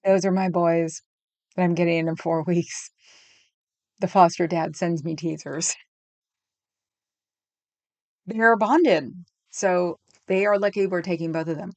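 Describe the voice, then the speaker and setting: Chatty woman streamer, low dry voice. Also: fairly even intonation, takes it slowly, long pauses, darkish tone, no echo. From California. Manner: chatty, rambling, laughs often. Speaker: livestream host. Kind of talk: casual chat with live chat. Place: home. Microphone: desk microphone.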